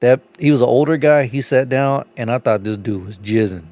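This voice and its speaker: A man co-hosting a comedy podcast in crude, profane banter, laughing through his stories and throwing his voice up high to act out other people. His voice sits at a middling pitch. The recording is dry and close, with almost no room sound. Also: brisk, darkish tone, no echo. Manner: acts out other voices with big pitch jumps. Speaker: podcast co-host. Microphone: podcast studio mic.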